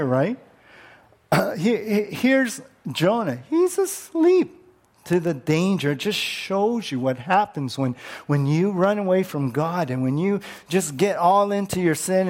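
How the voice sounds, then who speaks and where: A man's voice: on the high side, a little mellow. A male pastor preaching a conversational sermon and often posing rhetorical questions to the congregation.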